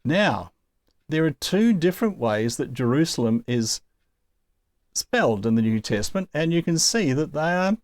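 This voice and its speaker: A man's voice: on the high side, big pitch swings, moderate pace, dry recording. A man giving a recorded lesson on Greek pronunciation, explaining patiently step by step and laughing now and then. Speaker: Greek teacher.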